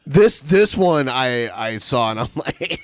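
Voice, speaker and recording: A man's voice: medium pitch, lively intonation, takes it slowly, no echo, clean studio sound. A man co-hosting a podcast, reacting with bemused laughter in casual chat. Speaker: podcast co-host.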